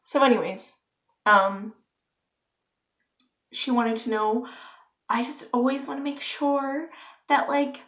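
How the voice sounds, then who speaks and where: A woman's voice: high-pitched, steady tone, slow pace, pauses often, a bit bright. A young woman telling a story on her vlog, rambling and filling her talk with "like.". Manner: rambling, filler-heavy with constant "like". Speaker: vlogger.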